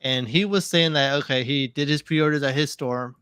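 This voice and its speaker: A male guest creator chatting casually on a livestream, telling a relaxed story. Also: a little high, moderate pace, clear, resonant tone, dry recording, studio quality.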